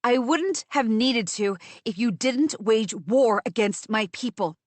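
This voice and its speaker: A woman's voice: on the high side, lively intonation, a little slow, no room sound. A woman reading as a desperate young heroine. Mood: defiant. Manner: pleading, shouting, raised and strained. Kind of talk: audiobook character voice.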